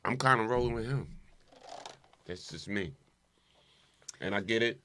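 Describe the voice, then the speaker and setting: A man's voice: on the low side, expressive, a little slow, pushed and bright, a little hiss or hum. A man hosting a talk radio show, chatting casually and laughing between remarks.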